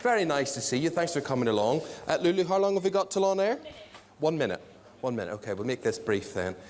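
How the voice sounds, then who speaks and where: A man's voice: on the high side, big pitch swings, fast, a little mellow. A man with a Northern Irish accent, a game show host chatting casually to a studio audience in a dry, teasing way. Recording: studio with crowd and noise.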